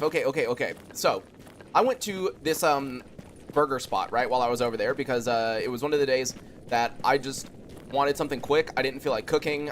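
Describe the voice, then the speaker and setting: A young man streaming a game, chatting loosely with viewers and swearing a lot. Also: a little hiss or hum. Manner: yells in high-pitched disbelief when killed in game. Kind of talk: casual gaming stream chat.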